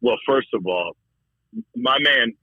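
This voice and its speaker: A man talking about college football as a broadcaster guest, in a casual, animated way, often repeating words. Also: slow, gravelly, breathy edge, no echo. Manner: animated, repeats words, shifts pitch a lot. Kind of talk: casual sports talk. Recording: dry, thin phone-line sound.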